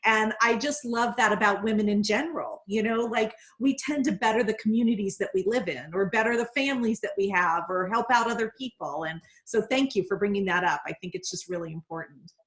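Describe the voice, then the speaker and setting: A woman's voice: mid-range voice, fairly quick, hardly any pauses. A woman hosting a live video interview, effusive and admiring toward her guest. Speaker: host.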